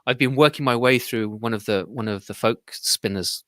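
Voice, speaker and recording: A man's voice: mid-range voice, normal speed, fairly bright tone, no room sound, clean studio sound. A man hosting a casual chat over a video call, rambling, with many restarts. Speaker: host.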